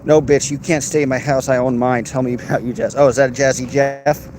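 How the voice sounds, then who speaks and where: A man's voice: mid-range voice, steady tone, brisk, background noise. An American man hosting a livestream, reading and answering chat in a crude, sarcastic, rambling way. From United States.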